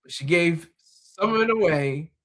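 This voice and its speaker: A man's voice: on the high side, animated, unhurried, a bit bright. A man talking in a loose, rambling monologue, full of fillers, repeated words and restarts.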